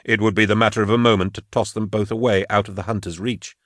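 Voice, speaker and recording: A man narrating an audiobook in a measured, even storytelling manner on a close mic. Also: on the low side, no echo. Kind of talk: audiobook reading.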